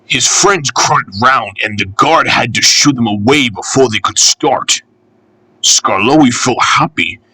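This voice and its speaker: A man reading a children's railway storybook aloud in an expressive, measured way. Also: medium pitch, husky, dry recording.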